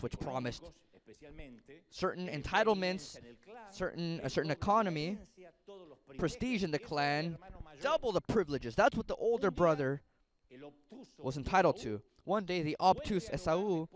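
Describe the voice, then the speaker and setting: Animated joking male preacher. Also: high voice, normal speed, long pauses. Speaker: pastor. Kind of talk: sermon.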